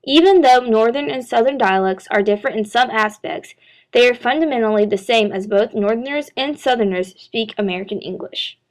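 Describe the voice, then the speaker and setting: A woman, a student narrator, reading a scripted narration in a steady, formal way. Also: a little high, fairly quick. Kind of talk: read-aloud scripted narration.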